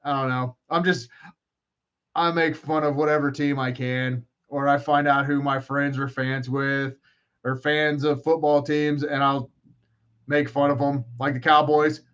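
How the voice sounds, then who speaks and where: Host: a man, slightly high voice, rambling profane banter, muffled lo-fi stream audio. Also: flat delivery, a little slow, fairly bright tone, clear, resonant tone. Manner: profane, joking, rambling trash talk. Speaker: podcast host. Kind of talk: casual rambling live-stream chat.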